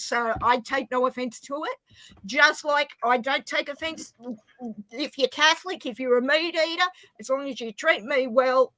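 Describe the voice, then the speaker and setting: A woman with an Australian accent, chatting casually as a guest on a stream, joking and quick to apologise. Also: high voice, sharp tone. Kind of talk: casual chat.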